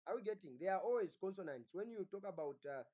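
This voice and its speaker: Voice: medium pitch, expressive, fast talker, mellow. A teacher giving a recorded phonology lecture, often asking the class "what?" and repeating words while restarting sentences. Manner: keeps asking the class "what?" and "Are we together?". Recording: dull lo-fi recording.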